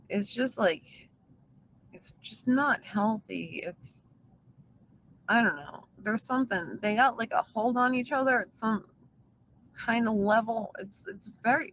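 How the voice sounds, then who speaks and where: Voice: mid-range voice, lively intonation, slow pace, a bit bright, a little hiss or hum, rough recording. A livestreamer talking to their chat in a casual, meandering way, swearing often and full of fillers. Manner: profane, filler-heavy, meandering. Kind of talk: casual rambling stream chat.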